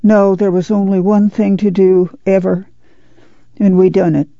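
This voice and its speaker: A woman reading an audiobook, voicing a worn, steady farm mother who answers quietly and calmly, in a dull lo-fi radio recording. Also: medium pitch, unhurried, no echo, close to an everyday voice. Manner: quiet, calm, hushing.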